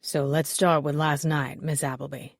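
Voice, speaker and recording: A woman reading the part of a stern, no-nonsense male police detective who questions in a slow, measured way. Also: sits low, level tone, no room sound, clean studio sound, voice pushed down.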